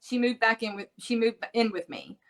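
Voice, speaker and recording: A middle-aged woman talks with earnest feeling as an interview guest, her voice sitting a little higher than most. She stops and restarts often, repeating words as she goes. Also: moderate pace, fairly bright tone, poor audio. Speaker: interview guest, bereaved mother. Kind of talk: casual interview talk.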